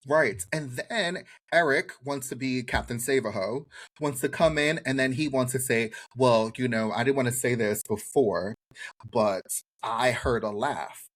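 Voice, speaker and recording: A man's voice: mid-range voice, measured pace. A man co-hosting a podcast with an American accent, recapping a reality show in casual chat and acting out what people said. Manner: animated storyteller acting out quotes. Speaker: podcast co-host.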